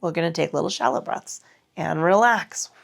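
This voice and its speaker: A woman's voice: lowish voice, normal speed, vocal fry. A woman leading a mat Pilates class, cueing breath and form while doing the moves herself, her breath a little strained from the effort. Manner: cueing breath and form, speaking against muscle contraction. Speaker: Pilates instructor.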